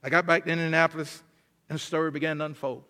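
A man giving a sermon as a guest preacher, emphatic and building toward near-shouts, often repeating words as he goes. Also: on the high side, flat delivery, very fast. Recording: long hall reverb.

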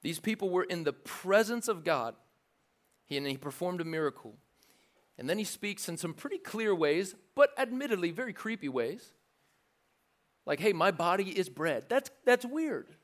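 A man preaching a sermon in a lively, joking way, acting out the voices of the crowd. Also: high voice, moderate pace. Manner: animated, jokey preaching with acted-out crowd voices. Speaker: pastor.

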